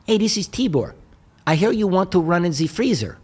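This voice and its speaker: A man's voice: high-pitched, lively intonation, a little fast, darkish tone, husky, pitched above the performer's own voice. A man voicing an elderly Hungarian businessman with a heavy Hungarian accent, blunt and matter-of-fact. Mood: raised.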